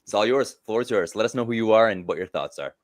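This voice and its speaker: A man's voice: on the low side, animated, quick pace, no room sound. A man hosting a panel discussion, welcoming each guest with effusive enthusiasm. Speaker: host.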